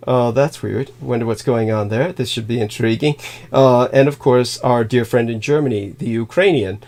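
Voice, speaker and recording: A man hosting a livestream, rambling through thanks with many halting fillers, laughing suddenly and swearing now and then. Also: mid-range voice, darkish tone. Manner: halting, filler-heavy, reads donor thanks aloud. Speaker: livestream host.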